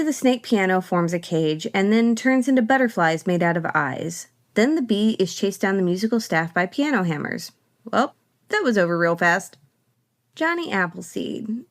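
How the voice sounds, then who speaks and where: Female podcast host, mid-pitched, scripted commentary, dry sarcastic asides.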